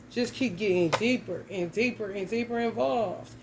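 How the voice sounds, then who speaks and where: A woman's voice: mid-range voice, moderate pace, hardly any pauses, noisy background. A young adult woman giving a casual tarot reading, talking bluntly and emphatically with plenty of cursing and slang. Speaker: tarot reader.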